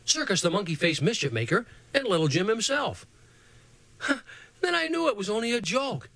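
Man reading a kids story, lively up and down voice, slightly high, dry close sound. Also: no room sound. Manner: expressive, playful. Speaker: audiobook narrator. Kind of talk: scripted storybook narration.

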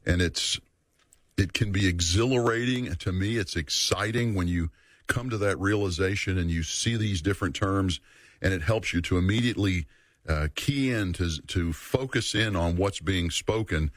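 A deep-voiced man teaches a Bible study series, earnest and measured. He leans on key words and repeats them for emphasis. His voice sounds close and dry. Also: no echo.

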